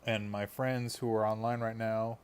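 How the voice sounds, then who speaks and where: A man's voice: lowish voice, little pitch movement, normal speed, clear, resonant tone. Chatty man streaming his hobby. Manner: chatty and rambling, laughs often. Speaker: live streamer painting miniatures. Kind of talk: casual live-stream chat while painting.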